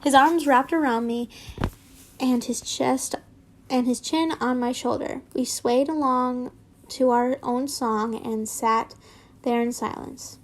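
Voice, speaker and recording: A woman's voice: high-pitched, steady tone, slow. A woman casually reading fan fiction aloud, giggling and stumbling over words and correcting herself.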